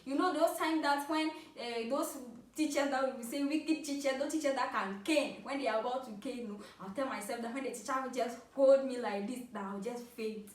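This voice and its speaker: Ghanaian woman in her 20s, high bright voice, chatty storytime, echoey room, mic kinda far. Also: fairly quick, hardly any pauses. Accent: Ghanaian English. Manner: animated, laughing often, playful. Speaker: vlogger. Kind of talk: casual storytelling to camera. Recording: roomy, from a distance.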